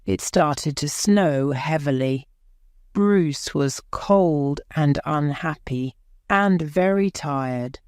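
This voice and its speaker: Woman storyteller for learners; low, clear, deliberate, close dry mic. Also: dry recording. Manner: slow, even, carefully pronounced reading. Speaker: narrator. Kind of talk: scripted narration of a graded reader story.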